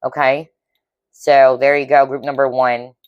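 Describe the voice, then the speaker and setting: Low-voiced woman doing a tarot reading. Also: flat delivery, measured pace, clear, resonant tone, dry recording, highs cut off. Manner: earnest, intuitive, frequent "okay?" check-ins; emotionally moved, empathic. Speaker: tarot reader. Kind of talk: pick-a-card tarot reading.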